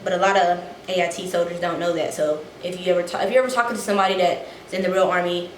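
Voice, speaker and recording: A woman's voice: lowish voice, quick pace. Young woman, casual storytime vlog, winded, echoey room, faint background hiss. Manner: animated, acts out quotes, swears freely. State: out of breath. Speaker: vlogger.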